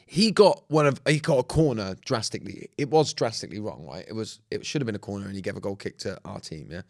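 A British podcast co-host talks quickly in easygoing conversation, telling stories with energy and taking on others' voices as he retells events. His voice sits on the low side and has vocal fry.

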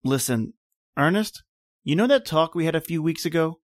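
An actor playing a tired, secretive young inventor who is terse and defensive, in a radio drama. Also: male voice, a little high, expressive, moderate pace, no room sound, clean studio sound, natural voice.

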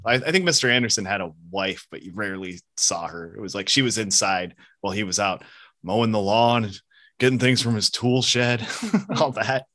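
A man in his forties in a casual podcast chat, talking in an animated way, swearing freely and laughing at his own jokes. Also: on the low side, fairly quick, dry recording. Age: 40s. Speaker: podcast co-host or guest.

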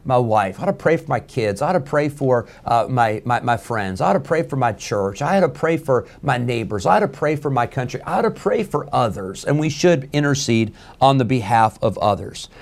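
A man speaking as a pastor on a daily devotional podcast, in a mid-pitched voice. He is earnest and plainspoken and often pauses on "uh" or starts a phrase over. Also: animated. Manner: earnest, plainspoken, with frequent "uh" and restarts.

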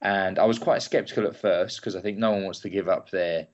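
A man in his thirties, a personal trainer answering interview questions in a relaxed, hesitant way with many ums. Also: sits low, brisk, highs cut off.

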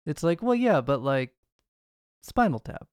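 A man's voice: on the high side, sing-song, measured pace, clean tone, no echo, clean studio sound. A man hosting a movie podcast, chatting casually and steering the talk. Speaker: podcast host. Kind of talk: casual chat.

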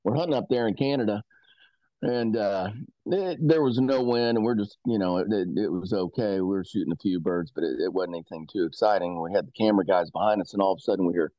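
A laid-back man on a podcast, unhurried as he winds through a story. His voice sits a little low. The audio is dry and a bit dull, with the top end rolled off. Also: no room sound. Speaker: podcast co-host. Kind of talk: casual storytelling chat.

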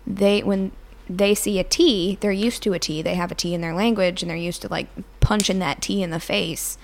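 Young woman, podcast guest, dry matter-of-fact humor, lower-pitched voice. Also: fairly even intonation, moderate pace, slight background noise. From North Country, New York. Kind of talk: casual chat.

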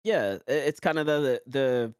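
A man's voice: mid-range voice, normal speed, clear, resonant tone, dry recording, studio quality. A man with a New York accent, a commentator hosting a casual podcast, telling stories animatedly with lots of fillers. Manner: animated storytelling with acted-out quotes and many fillers.

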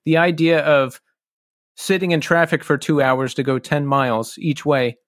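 A man's voice: a little high, steady tone, moderate pace, a bit bright, dry recording, clean studio sound. A man from New York City hosting a podcast, asking chatty, friendly questions in a casual interview. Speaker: podcast host.

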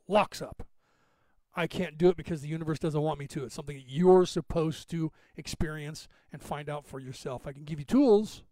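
A man hosting a podcast, talking quickly in a rambling, digressive monologue. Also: fairly high pitch, darkish tone, no room sound. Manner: rapid, talkative, digressive. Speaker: podcast host.

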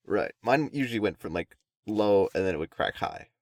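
A man co-hosting a relaxed podcast, jumping in often with quick agreement. His voice is fairly low but moves a lot. The sound is close and dry. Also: dry recording. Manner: quick agreeing interjections, chatty. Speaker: podcast co-host. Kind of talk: casual podcast chat.

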